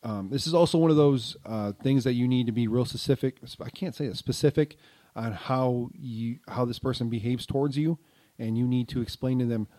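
A man's voice: mid-range voice, fairly quick, warm tone. A middle-aged man with a stuffed-up nose co-hosting a casual podcast, rambling, with frequent ums and restarts. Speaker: podcast co-host.

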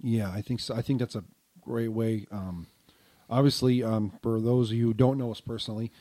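A man's voice: mid-range voice, fairly even intonation, a little fast, warm tone. A middle-aged man with a stuffed-up nose co-hosting a casual podcast, rambling, with frequent ums and restarts. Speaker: podcast co-host.

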